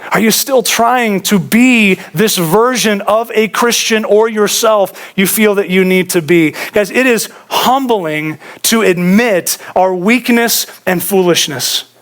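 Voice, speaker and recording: A man's voice: high-pitched, slow pace, hardly any pauses, a bit bright. A man preaching a sermon as pastor in a church, talking casually to the congregation and telling stories. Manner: conversational storytelling preacher, addresses audience as guys.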